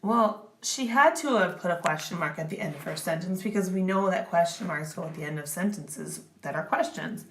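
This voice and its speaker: Brisk and hardly pausing, a woman with a fairly low, slightly bright voice tutors grammar step by step, with a little hiss or hum in the recording. She stays patient and keeps checking in with "okay?" and "right?".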